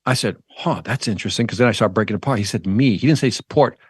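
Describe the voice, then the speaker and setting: A man's voice: lowish voice, rapid-fire, husky, dry recording, studio quality. A middle-aged man, a sales trainer, telling an anecdote in an interview and acting out its dialogue. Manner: animated, acts out the dialogue in his anecdotes. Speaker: sales trainer and motivational speaker. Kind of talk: storytelling in an interview.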